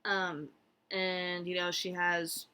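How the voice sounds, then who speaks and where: A woman's voice: fairly low pitch, takes it slowly, clean tone. Rambling American woman vlogging casually. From United States. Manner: rambling, full of fillers and restarts, animated asides. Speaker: therapist vlogger. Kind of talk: casual talking-head vlog.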